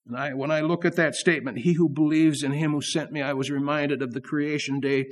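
An older man preaching in earnest, his voice sitting a little high for a man. He leans hard on repeated phrases and then falls back to quiet asides, in a steady pulpit cadence. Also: fairly quick. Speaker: pastor. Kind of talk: sermon.

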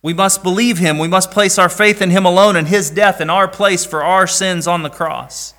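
A man's voice: high-pitched, fairly even intonation, moderate pace, sharp tone. A man preaching a sermon, reading scripture and earnestly pleading with his listeners. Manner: earnest, pleading, rising to emphatic calls. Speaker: pastor.

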